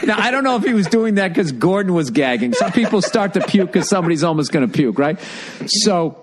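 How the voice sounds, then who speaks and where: Man telling a story, animated and swearing, slightly high voice, acting out the people in it. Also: brisk, music in the background. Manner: animated, profane, acts out quotes with shouts. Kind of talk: casual storytelling chat.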